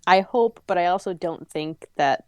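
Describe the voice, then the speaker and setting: A woman's voice: on the low side, lively intonation, moderate pace, darkish tone, clear, resonant tone, dry recording. A young woman co-hosting a casual podcast, talking through her views with a lot of restarts and fillers. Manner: hesitant, stops and restarts while giving her opinions. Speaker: podcast co-host. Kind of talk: casual chat.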